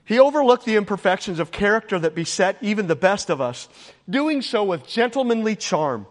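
A man's voice: high voice, very animated, a little fast. A man preaching a sermon, earnest and exhorting, at times emotional. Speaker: pastor. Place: church sanctuary. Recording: long hall reverb.

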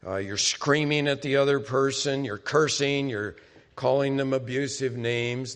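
A man preaching a sermon as pastor, explaining scripture in a conversational teaching manner and acting out quoted lines with sudden loud bursts. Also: mid-range voice.

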